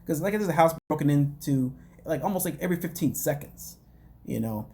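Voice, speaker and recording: A man's voice: a little high, expressive, brisk, a little mellow. A man casually recapping a reality show as a podcast host, rambling with lots of fillers and wry, dismissive asides. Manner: rambling, loose, full of "you know" and "like".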